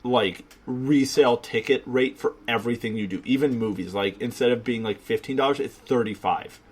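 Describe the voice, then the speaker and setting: This podcast co-host has a medium-pitched voice and normal speed; his casual talk wanders and relies heavily on filler words.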